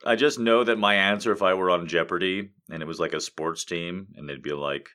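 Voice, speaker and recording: A man's voice: low-pitched, brisk, sharp tone. A man hosting a casual stream, rambling and swearing with self-mocking jokes and mock-dramatic outbursts. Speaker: streamer host. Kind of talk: casual chat.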